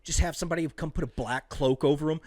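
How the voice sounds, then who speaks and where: A man's voice: on the high side, fast, a little mellow, no echo. A man co-hosting a casual comedy podcast, reading odd news stories aloud and riffing on them with jokes. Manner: joking, reads news items aloud with asides. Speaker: podcast co-host.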